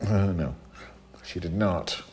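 Man, lowish voice, dry sardonic storyteller, casual podcast banter. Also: takes it slowly. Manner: sardonic, animated storyteller who mimics voices. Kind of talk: casual chat, telling a story.

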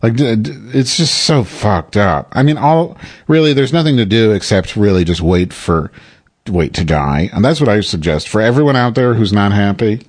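A man's voice: lowish voice, lively intonation, moderate pace, no echo, studio quality. A man ranting through an improvised comedy chat, profane and exasperated.

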